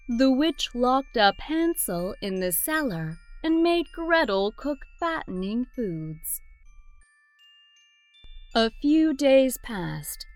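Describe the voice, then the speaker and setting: Very slow, lilting storybook narrator, woman. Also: on the high side, no echo. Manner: clear, deliberate read-aloud for small children.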